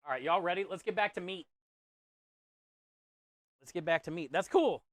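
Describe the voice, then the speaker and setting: A man's voice: high-pitched, brisk, long pauses, a bit bright, no room sound. Chatty man streaming to viewers. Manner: friendly, chatty, addresses viewers as bro and dude. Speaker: streamer host of a cooking stream. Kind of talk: casual live-stream chat reading comments. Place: kitchen or food truck.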